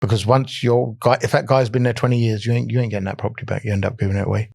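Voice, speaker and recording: A man's voice: medium pitch, flat delivery, racing, creaky, darkish tone, dry recording, clean studio sound. A man in his forties, a lawyer and podcast guest, telling stories bluntly and slipping into Punjabi. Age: 40s. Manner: blunt, storytelling, switches into Punjabi. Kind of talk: casual podcast chat.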